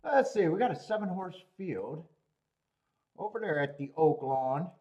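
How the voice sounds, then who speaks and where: A man hosting a live racing show, ranting in a profane, excitable way and laughing often. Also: on the high side, a little slow. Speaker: horse racing show host. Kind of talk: profane live-stream rant.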